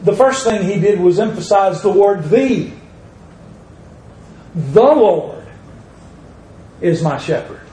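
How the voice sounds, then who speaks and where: Preaching a sermon in a church sanctuary, a man with a high-pitched but dark-toned voice speaks slowly and emphatically. He draws out his words and puts rising stress on key phrases, in an echoey room with faint ambience.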